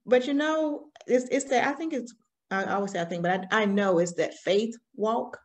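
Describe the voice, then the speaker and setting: Animated Southern woman in her forties. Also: medium pitch, normal speed. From Alabama, US. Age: 40s. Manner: animated storytelling, laughs often. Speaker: guest. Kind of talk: conversational interview.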